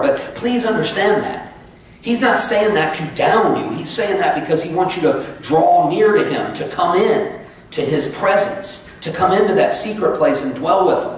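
A man's voice: on the high side, lively intonation, a little hiss or hum. Man preaching in an echoey church. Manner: conversational and sarcastic, reads scripture slowly. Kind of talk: sermon. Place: church sanctuary. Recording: echoey church sanctuary, mic at a distance.

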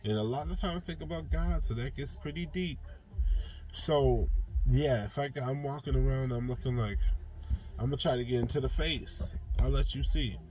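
Young man, earnest and rambling, mellow dark tone, casual talk to camera. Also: mid-range voice, moderate pace, rough recording. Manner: drawls softly when relaxed, livelier when engaged. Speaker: vlogger.

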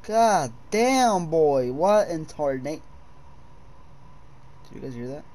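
A man's voice: on the high side, slow pace, dark tone. A young man commenting on a horror game for viewers, swearing a lot, jumpy, and addressing them as boys. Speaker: gaming streamer.

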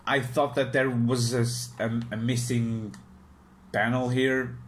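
A man giving an unscripted review of a manga chapter in a relaxed, unhurried way. He speaks at a slow pace in a middle-pitched voice. He often hesitates, fills gaps with "um" and restarts his sentences.

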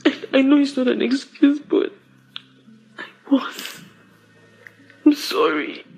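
A woman's voice: high voice, fairly even intonation, takes it slowly, gravelly, a little mellow, exaggerated voice, low-quality recording. An actress with a Nigerian accent playing a remorseful young wife who begs her husband's forgiveness, stammering through her apology. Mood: pleading. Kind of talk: film drama acting.

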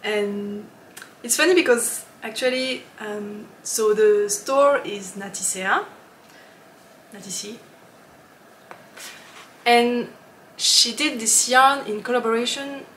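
A woman hosting a knitting podcast in a casual, chatty way, often laughing and pausing with ums. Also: fairly high pitch, fairly even intonation, a bit bright, roomy sound, slight background noise. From lives in Switzerland.

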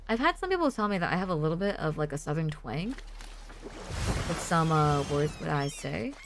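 A woman's voice: low voice, big pitch swings, normal speed. A woman streaming a video game, chatting casually and rambling with many fillers as she plays. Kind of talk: casual chat while gaming.

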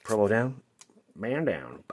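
A man hosting a casual card pack-opening video, joking to himself and shouting when he pulls a good card. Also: fairly low pitch, slow pace, heavy background noise. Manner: excitable, jokey, shouts at big pulls. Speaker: card-opening channel host.

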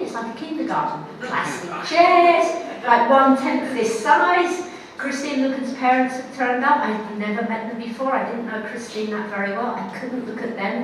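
A woman giving a talk to an audience, telling a personal story in an animated, wry and self-mocking way. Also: a little high, slight background noise. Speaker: guest speaker. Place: synagogue hall before an audience. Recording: echoey hall from far off.

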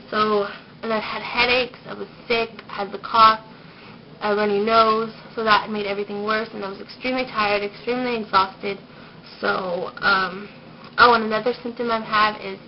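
A young woman giving a casual pregnancy update vlog, shy and rambling with lots of ums, getting over a cold. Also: medium pitch. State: recovering from a cold. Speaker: vlogger. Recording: dull lo-fi home video with noise.

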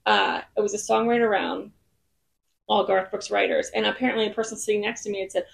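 A woman's voice: medium pitch, fairly even intonation, fast, creaky. A woman singer-songwriter as a podcast guest, telling stories in a bubbly, rambling way. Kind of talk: casual podcast chat. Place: in Nashville.

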